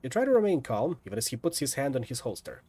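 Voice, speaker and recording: A man streaming a visual novel, reading the story aloud with lively, lightly dramatic narration and casual asides. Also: mid-range voice, fast, breathy edge.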